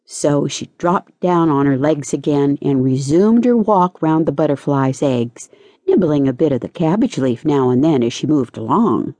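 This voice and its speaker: Low husky woman reading a storybook. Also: animated, normal speed, warm tone, dry recording. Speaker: audiobook narrator. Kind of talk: scripted storybook narration.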